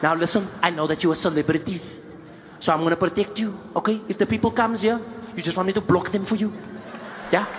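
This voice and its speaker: A man's voice: high voice, fairly even intonation, fast, slight background noise, close to an everyday voice. A man doing a fussy flight attendant. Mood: eager. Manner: fussy, over-eager. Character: nervous eager male flight attendant.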